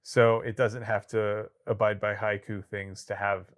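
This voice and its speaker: A man's voice: lowish voice, little pitch movement, unhurried. A man co-hosting a podcast, talking through a novel in an easygoing way with joking asides. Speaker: podcast co-host. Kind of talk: casual book discussion.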